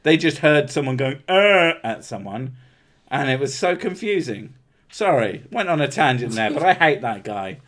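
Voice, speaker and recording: A man's voice: medium pitch, animated, normal speed. A man hosting a casual podcast chat, ranting and swearing freely. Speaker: podcast host.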